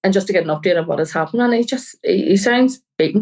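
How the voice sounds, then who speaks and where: A woman's voice: medium pitch, quick pace, hardly any pauses, a little mellow, poor audio. A woman journalist, a guest on a crime podcast, talking earnestly and often quoting people she met. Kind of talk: podcast interview.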